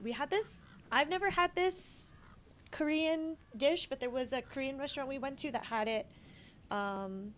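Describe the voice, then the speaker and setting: American woman, game streamer, light higher register, giggly and chatty, faint background hum. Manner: giggly, laughs often, chatty and animated. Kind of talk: casual chat while gaming.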